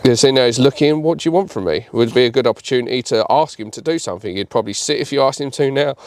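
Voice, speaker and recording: A man's voice: medium pitch, fast talker, clear, resonant tone. A man, coaching dog owners in a hands-on training session, talking bluntly with plenty of swearing and voicing what the dog is thinking. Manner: blunt, sweary, mimics the dog's thoughts.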